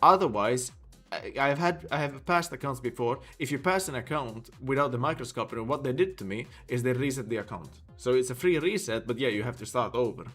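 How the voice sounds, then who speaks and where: A man's voice: medium pitch, lively intonation, fairly quick, few pauses, fairly bright tone, soft background music. A man from Sweden with a Swedish accent, chatting casually on a live stream, rambling with lots of fillers as he thinks aloud. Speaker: livestreamer.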